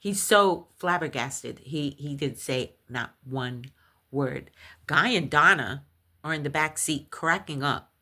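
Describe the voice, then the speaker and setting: Woman, storyteller: low-pitched, unhurried, recounting a personal paranormal tale, animated and halting. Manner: animated storytelling, acts out others' voices in high shrieks; halting restarts when shaken.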